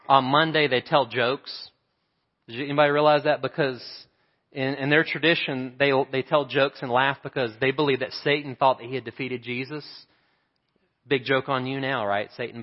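A male pastor delivers an Easter sermon from the pulpit, asking his congregation for amens. He slows down to stress key phrases. His voice rings through a large reverberant hall on a dull, muffled recording. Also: medium pitch. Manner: preachy, calls for amens, slows for emphasis. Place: church sanctuary. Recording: dull reverberant church sound.

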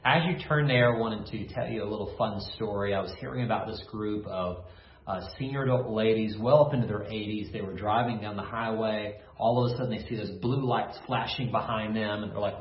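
A man's voice: on the low side, steady tone, a little fast. A man preaching a sermon as pastor, telling stories in a folksy, conversational way. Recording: echoey room, slightly dull sound.

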